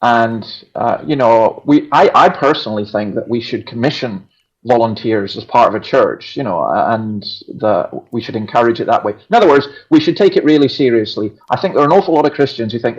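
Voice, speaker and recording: A man's voice: mid-range voice, moderate pace. A man with a Scottish accent, a pastor talking earnestly and emphatically in a conversational religious discussion, often restarting his sentences. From Scotland. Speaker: pastor and show regular. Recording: dull lo-fi sound.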